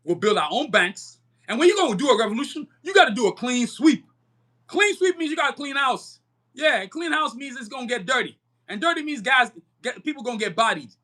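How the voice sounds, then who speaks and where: A man's voice: very high-pitched, animated, fairly quick, pushed and bright. Fiery, profane man ranting on his podcast. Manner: streetwise slang, keeps checking in with listeners. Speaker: podcast host. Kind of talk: live-stream podcast monologue.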